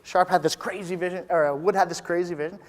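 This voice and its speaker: A man giving an energetic, joking motivational talk at a live business seminar, rallying the audience into chants. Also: high-pitched, quick pace. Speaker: motivational speaker at a business event. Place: large conference room with live audience. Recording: reverberant hall with crowd. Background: audience responses and applause.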